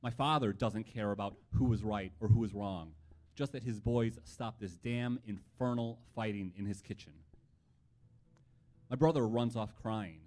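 A man's voice: lowish voice, a little mellow. A man telling a first-person story from his own life in a wry, reflective way.

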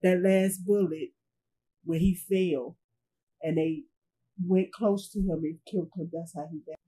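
A woman being interviewed as a grieving mother, speaking in a halting way, repeating herself and quoting others, with speech. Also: lowish voice, fairly even intonation, warm tone, slightly rough, low-quality recording. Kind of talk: emotional personal testimony.

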